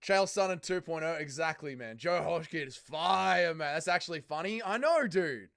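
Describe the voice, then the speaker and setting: A man's voice: fairly high pitch, expressive, normal speed, gravelly, a bit bright. A young Australian man hosting a casual fight watch-along stream, joking, swearing and answering chat. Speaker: livestream host.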